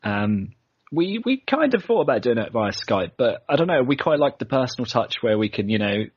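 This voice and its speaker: British man, husky, chatty podcast host. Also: mid-range voice, big pitch swings, moderate pace, dry recording, highs cut off. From Britain. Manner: chatty, laughing easily, self-deprecating. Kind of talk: casual chat.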